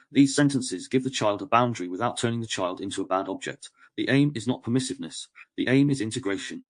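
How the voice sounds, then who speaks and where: Male nonfiction audiobook narrator, lowish pitch, calm and measured, dry close-mic studio sound. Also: no room sound.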